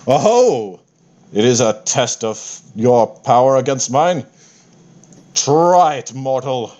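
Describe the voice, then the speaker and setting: A man's voice: medium pitch, expressive, slow pace, a little mellow, lo-fi sound. A man voicing a pompous, boastful male villain who calls himself a god, declaiming grandly and theatrically in a tabletop game.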